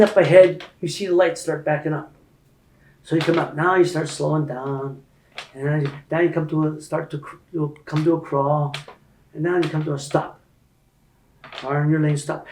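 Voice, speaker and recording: Older guy telling stories on a podcast, gets loud and fired up, roomy echo. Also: moderate pace, a little hiss or hum. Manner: animated storyteller, rising loud and high when making a point. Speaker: interview guest. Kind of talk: storytelling in a podcast interview.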